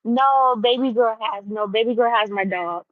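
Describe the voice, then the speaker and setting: A young woman vlogging in a casual, animated rant to her viewers, repeating herself for emphasis. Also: on the high side, moderate pace, no room sound, narrow, tinny audio. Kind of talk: casual ranting chat to viewers.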